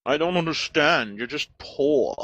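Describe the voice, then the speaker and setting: A man voicing a pompous, snobbish rich duck gentleman who talks down to everyone with hesitations, in an improvised comedy chat. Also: a little high, lively intonation, a little slow, dry recording, highs cut off, full character voice. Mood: condescending. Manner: pompous, condescending drawl with frequent hesitations.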